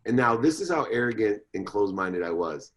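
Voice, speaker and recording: A middle-aged man as an interview guest, telling stories in a lively way and acting out the voices of people he quotes. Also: fairly quick. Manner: animated, acts out quoted voices with big pitch jumps. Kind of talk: storytelling interview talk.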